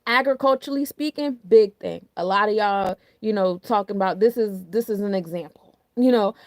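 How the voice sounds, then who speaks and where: A woman's voice: mid-range voice, moderate pace, no room sound. A woman hosts an astrology show in a laid-back way. She lives in New Jersey, keeps asking "you know what I'm saying", and strings rhetorical questions together. Her voice sits mid-range and is recorded close and dry. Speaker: astrology podcast host. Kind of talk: casual astrology talk.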